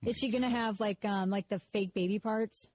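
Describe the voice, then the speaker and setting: A woman's voice: medium pitch, steady tone, moderate pace, darkish tone. A woman hosting a live talk radio show, talking casually and sarcastically, often breaking off and restarting her sentences. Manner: sarcastic, mocks others in put-on voices; self-interrupting, repeats words when restarting. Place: radio studio.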